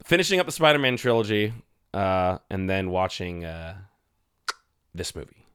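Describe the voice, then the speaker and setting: A man's voice: sits low, big pitch swings, moderate pace, fairly bright tone, smooth, dry recording, studio quality. A man co-hosting a podcast in casual movie chat, rambling with many fillers and swearing freely. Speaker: podcast co-host.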